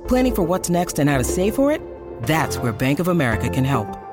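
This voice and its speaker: An ad announcer reads a scripted advertisement at a quick pace, upbeat and smooth. The voice sits mid pitch. Loud music plays underneath. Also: big pitch swings.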